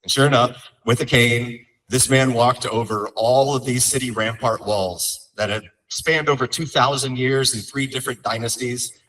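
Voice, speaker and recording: A man's voice: mid-range voice, fairly even intonation, normal speed, few pauses, fairly bright tone, recorded from a distance, rough recording. A young man speaking as a son at his father's memorial, telling heartfelt stories with light humor. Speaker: son giving a eulogy. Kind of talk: memorial eulogy storytelling.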